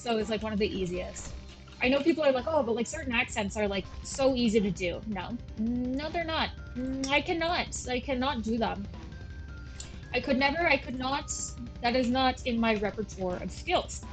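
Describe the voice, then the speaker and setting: A woman's voice: on the high side, lively intonation, fairly quick, faint music behind, rough recording. A young woman chatting casually and self-deprecatingly as she comments on a game she is playing at home, drifting off into tangents. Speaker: gaming channel host. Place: at home with her cats.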